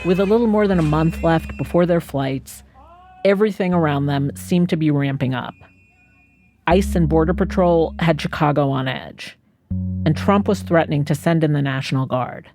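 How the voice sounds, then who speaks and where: A woman narrating a documentary and asking interview questions in a calm, measured way. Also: sits low, over music.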